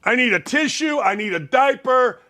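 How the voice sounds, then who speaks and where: Brash sports host, bright edge, high voice, stuffy. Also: male voice, lively intonation, moderate pace. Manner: brash, folksy, emphatic with repetition. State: congested, sneezing. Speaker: sports talk show host. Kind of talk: opinionated sports talk monologue.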